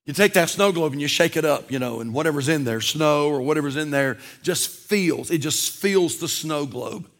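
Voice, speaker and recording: A man preaching a sermon as pastor at a church service, emphatic and repetitive, often dropping to a low intense voice for emphasis. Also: animated, moderate pace, hardly any pauses, fairly bright tone.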